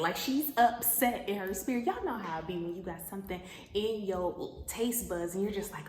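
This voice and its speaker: A woman's voice: mid-range voice, fairly quick, a little mellow, slight background noise. A woman hosting a podcast and retelling a Bible story comically, with slangy talk and laughing asides, in a room with an echo. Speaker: podcast host.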